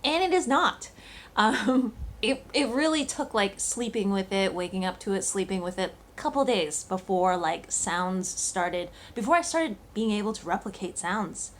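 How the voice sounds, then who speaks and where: A woman's voice: mid-range voice, normal speed. A woman talking casually to camera in a vlog, thinking aloud with lots of fillers and restarts. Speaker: cooking channel host.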